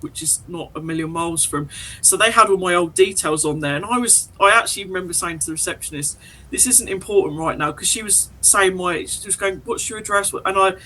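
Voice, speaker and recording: Woman guest, bright forceful voice, tells her story all animated, acts out what people said. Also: lowish voice, low-quality recording. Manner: animated, emotional retelling with quoted dialogue. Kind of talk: personal storytelling in an interview.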